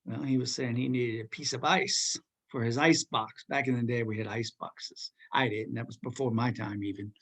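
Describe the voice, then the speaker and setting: A man's voice: medium pitch, steady tone, normal speed, a bit bright. A man teaching a class in a casual, rambling way, joking with his students and using lots of fillers.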